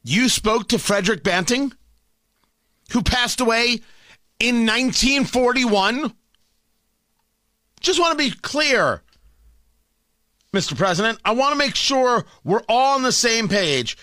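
A man's voice: extremely high pitch, animated, slow, pauses often, sharp tone, dry recording, studio quality. A man hosting a political commentary show, sarcastic and emphatic, needling his target. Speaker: commentary host.

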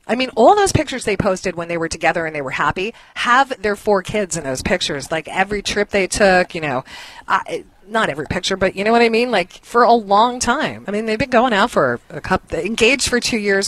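A woman's voice: medium pitch, lively intonation, a little fast, fairly bright tone, no echo. A middle-aged woman co-hosting a podcast, chatting candidly and mocking herself, often searching for words. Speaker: podcast co-host. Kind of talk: casual chat.

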